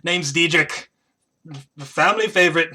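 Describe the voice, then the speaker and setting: A man's voice: a little high, moderate pace, sharp tone. A man voicing a cocky, brash male squirrel in a tabletop game. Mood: boastful. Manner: brash, boastful.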